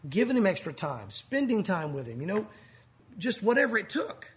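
High-voiced man preaching a sermon. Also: very animated, normal speed. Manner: earnest preaching, acts out voices of people in the story. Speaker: pastor.

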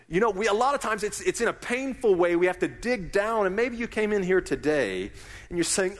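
A man's voice: high voice, sing-song, moderate pace, big-room sound. A middle-aged man preaching a sermon as pastor, conversational and emphatic.

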